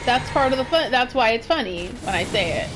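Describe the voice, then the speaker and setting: A woman chats her way through a video game as a streamer. Her voice sits a little high and swings widely in pitch. She giggles often and lets out yelps under pressure. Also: expressive, a little fast, music in the background. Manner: chatty and giggly, yelps when stressed. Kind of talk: casual gaming commentary.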